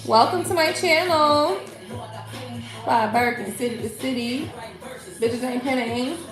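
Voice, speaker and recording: A middle-aged woman hosting a casual live tarot reading, chatting loudly with viewers, laughing often and swearing freely. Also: high-pitched, measured pace. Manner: loud, laughing, profane and chatty, greets viewers. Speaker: tarot reader livestream host. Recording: echoey room with faint music.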